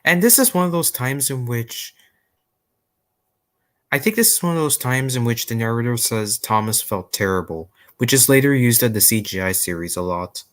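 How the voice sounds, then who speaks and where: A man's voice: medium pitch, moderate pace. Easygoing man agreeing along. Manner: relaxed, agreeable, lots of short replies. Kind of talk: casual fan chat.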